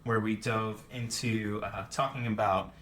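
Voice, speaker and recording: A man's voice: fairly low pitch, steady tone, unhurried, a bit bright. A man giving an informal, upbeat intro to his podcast. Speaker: podcast co-host.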